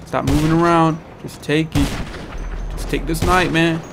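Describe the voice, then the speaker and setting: Slightly high and level, with vocal fry and a measured pace, this young YouTuber's voice commentates his gameplay over noisy gunfire and explosions. He taunts opponents repetitively, trash-talking with the same lines again and again.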